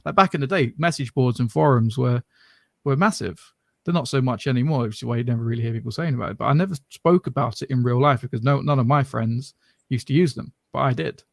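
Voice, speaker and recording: A man's voice: mid-range voice, fast talker, creaky, no echo, clean studio sound. A man from southern England with a mixed English regional accent, talking in a rambling, self-correcting way as a podcast co-host. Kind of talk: casual chat.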